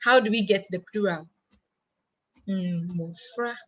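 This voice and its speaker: A woman's voice: mid-range voice, a little slow, fairly bright tone, lo-fi sound. A woman teaching an online language class. She talks patiently in a mid-range voice, breaks each point into small steps and poses questions that she then answers herself. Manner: patient, explains step by step, asks and answers own questions.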